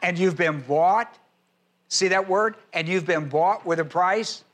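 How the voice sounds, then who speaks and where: A man preaching a sermon, citing scripture references and slowly repeating key phrases for emphasis. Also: high-pitched, fairly bright tone. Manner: spells out words and cites scripture references in a teaching tone. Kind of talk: sermon teaching.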